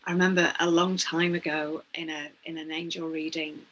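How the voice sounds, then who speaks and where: Deep husky soft-spoken woman host. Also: little pitch movement, normal speed, lo-fi sound. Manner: soft, affirming, reflective. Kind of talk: spiritual conversation.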